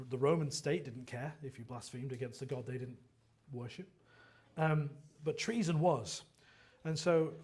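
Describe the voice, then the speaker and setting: A man preaching an earnest expository sermon, stumbling and restarting often and checking in with the listeners. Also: a little high. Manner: quotes dialogue in lively voiced asides. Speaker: pastor.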